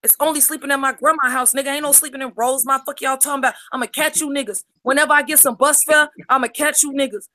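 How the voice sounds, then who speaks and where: A woman's voice: high voice, steady tone, fast, few pauses. A woman doing a hot-headed broke young guy. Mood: defiant. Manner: profane, loud then hushed through teeth. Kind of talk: comedic improv impression.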